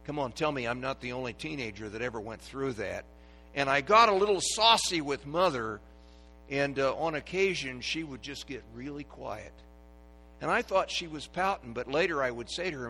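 A middle-aged man, a pastor, preaching a sermon with dynamic swings from hushed to loud and emphatic. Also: mid-range voice, lively intonation, normal speed, a little hiss or hum. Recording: long reverb of a large hall.

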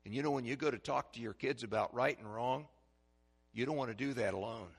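A middle-aged man, a pastor, preaching a sermon with dynamic swings from hushed to loud and emphatic. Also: medium pitch, fairly quick, vocal fry, slightly rough. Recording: long reverb of a large hall.

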